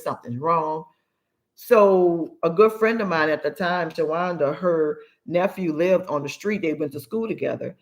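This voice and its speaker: A woman co-hosting a talk show, telling family stories in an animated way and laughing often. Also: fairly low pitch. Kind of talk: casual storytelling.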